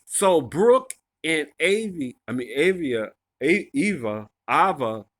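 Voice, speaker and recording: A man's voice: fairly high pitch, very animated, slow pace. A man casually recapping a reality show episode, rambling and gossipy, full of fillers and restarts.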